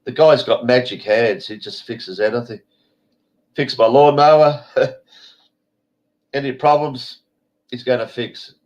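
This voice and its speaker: This Australian host of an online show has a medium-pitched, slightly mellow voice that sounds stuffy, and he speaks at a measured pace with many pauses. His talk is rambling, blunt and foul-mouthed, recorded as dull lo-fi stream audio.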